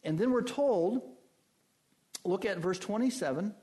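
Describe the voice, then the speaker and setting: A man preaching a sermon as pastor, emphatic and addressing his congregation directly, his delivery swinging from low and quiet to loud and high. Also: lively intonation, measured pace, slightly rough.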